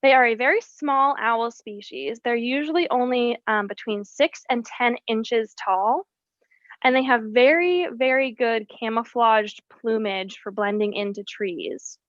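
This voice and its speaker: A woman, a wildlife educator, giving an explanatory presentation about birds and often pausing on "um". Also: on the high side, dry recording, dull audio. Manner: explanatory, with frequent ums.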